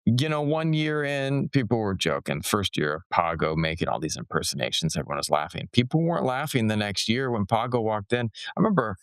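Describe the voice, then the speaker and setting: Male podcast host, lively up-and-down delivery, chatty storyteller who laughs easily, dry studio mic. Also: lowish voice, brisk, few pauses, clean tone, no room sound. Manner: animated storyteller, laughs often, lots of "like". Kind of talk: casual podcast conversation.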